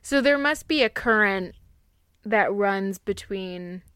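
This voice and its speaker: A woman's voice: mid-range voice, lively intonation, slow, fairly bright tone, clear, resonant tone, no room sound, clean studio sound. A woman in casual chat, playful and giggly, jumping from topic to topic.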